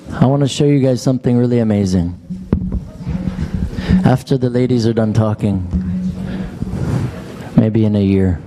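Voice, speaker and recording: A man's voice: medium pitch, dark tone. A man giving a class at a temple, telling chatty, joking anecdotes to a gathered audience. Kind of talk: storytelling scripture class.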